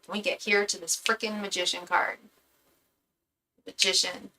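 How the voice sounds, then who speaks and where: A woman's voice: medium pitch, little pitch movement, normal speed, sharp tone, a little hiss or hum, low-quality recording. A woman tarot reader giving a live reading to her chat in a casual, chatty way, often stumbling and repeating words as she talks.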